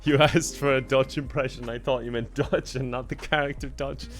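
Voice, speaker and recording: Over soft background music, a streamer with a mid-range voice and fairly even intonation talks at a moderate pace while playing a game. His livestream chat is casual and rambling, with plenty of laughter and thanks for donations he reads aloud from chat.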